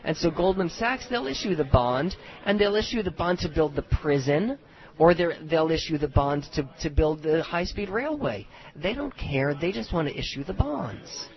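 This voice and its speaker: Man talking animated with sarcastic asides. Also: fairly high pitch, normal speed, creaky. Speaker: research director, guest. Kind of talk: casual radio interview talk. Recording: dull lo-fi radio audio.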